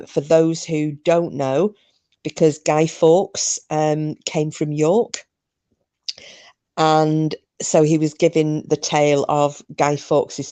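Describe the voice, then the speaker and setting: A woman's voice: deep voice, dark tone. A woman hosting a podcast, telling a story in a chatty, rambling way with frequent ums. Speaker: podcast host. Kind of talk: casual chat.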